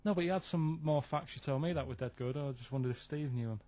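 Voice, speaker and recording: A man's voice: on the high side, quick pace, dark tone, no room sound, highs cut off. A man on a radio show, telling a rambling story in plain casual chat. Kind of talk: casual studio banter.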